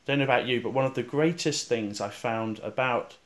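A male preacher leading a guided scripture meditation, speaking calmly and reflectively with slow pauses, going soft and quiet on repeated verses. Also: medium pitch.

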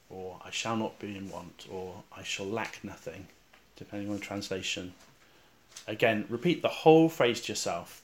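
A male preacher leading a guided scripture meditation, speaking calmly and reflectively with slow pauses, going soft and quiet on repeated verses. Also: lowish voice.

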